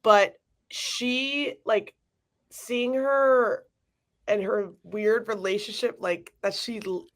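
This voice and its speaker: A woman's voice: fairly high pitch, steady tone, slow. A woman co-hosting a podcast, chatting casually and hesitantly about a show. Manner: hesitant, starts over often. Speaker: podcast co-host. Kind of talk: casual pop-culture recap chat.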